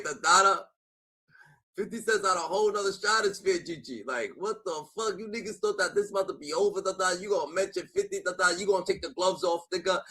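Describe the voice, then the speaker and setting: A man streaming commentary on a rap feud, loud and swearing, shouting often and repeating catchphrases. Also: sits high, husky.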